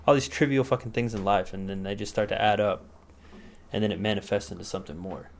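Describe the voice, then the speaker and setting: A man's voice: lowish voice, quick pace. A young man co-hosting a podcast, talking casually and swearing freely as he makes his points. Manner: profane, animated storytelling. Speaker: podcast co-host. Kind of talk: casual conversation.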